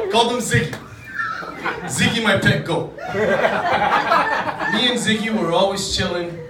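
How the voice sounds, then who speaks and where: High-voiced comedian from Djibouti on stage. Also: male voice, recorded from a distance, heavy background noise. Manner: casual, profane, self-deprecating storytelling to a live audience. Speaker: stand-up comedian. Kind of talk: stand-up comedy routine. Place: comedy club stage with audience laughter. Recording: echoey club recorded from afar, loud ambience.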